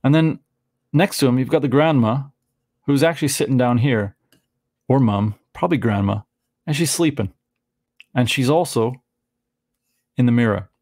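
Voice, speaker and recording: A man's voice: mid-range voice, moderate pace, pauses often, a little mellow, dry recording, clean studio sound. A middle-aged man rambling through casual commentary on photographs, searching for words and restarting often. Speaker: vlogger.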